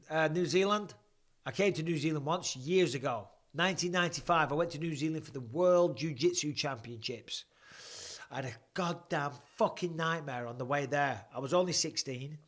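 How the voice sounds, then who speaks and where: A man's voice: on the high side, normal speed, fairly bright tone. A man, chatting bluntly and swearing as he reads viewer questions on a live stream. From England. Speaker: livestream host watching fights.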